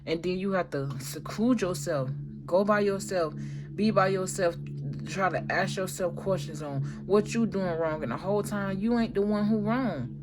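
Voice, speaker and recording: A woman with a mid-range voice speaks at normal speed over background noise. She gives a casual tarot reading in a slangy, emphatic style and swears freely.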